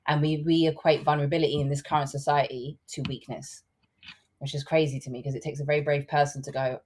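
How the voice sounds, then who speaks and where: Blunt low-voiced woman podcast co-host. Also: quick pace, breathy edge. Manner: frank, blunt and animated, with swearing. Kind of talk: casual podcast discussion.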